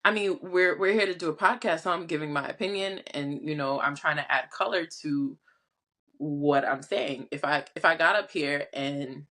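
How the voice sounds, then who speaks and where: A woman's voice: deep voice, normal speed, sharp tone. Chatty, hedging woman podcast co-host. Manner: chatty, hedging, with frequent restarts and "like". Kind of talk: casual podcast chat.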